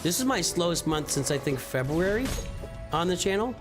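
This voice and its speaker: Man, live-stream host, slightly high voice, rambling casual chat, music underneath. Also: big pitch swings, normal speed. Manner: rambling, answers viewers' questions, off-hand asides.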